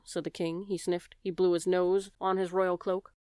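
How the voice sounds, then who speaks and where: A woman's voice: on the low side, level tone, moderate pace, few pauses, warm tone, smooth, dry recording, studio quality. A woman narrating a children's audiobook, telling the story and speaking directly to the reader.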